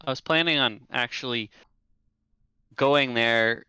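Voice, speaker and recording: A man playing a tabletop game, answering in a hesitant, halting way. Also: mid-range voice, sharp tone, smooth, no echo. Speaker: player. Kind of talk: tabletop role-play chat.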